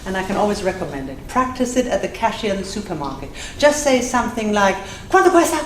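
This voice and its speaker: A woman teaching a live class, playful and self-mocking, drilling phrases slowly and then fast. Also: medium pitch, sing-song, slight background noise. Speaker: Spanish teacher. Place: classroom with audience. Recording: echoey room with faint ambience.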